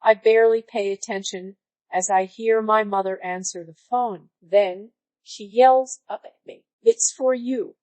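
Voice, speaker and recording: A synthetic woman's voice reading a story aloud in a flat, even way, as narrator. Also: mid-range voice, unhurried, no room sound, low-quality recording.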